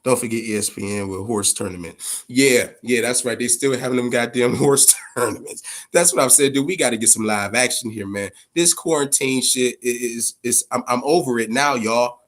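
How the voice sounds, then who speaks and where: A mid-range, slightly bright voice at a moderate pace belongs to a man hosting a casual live-stream chat. Profane and rambling, he repeats himself for emphasis and talks straight to his viewers.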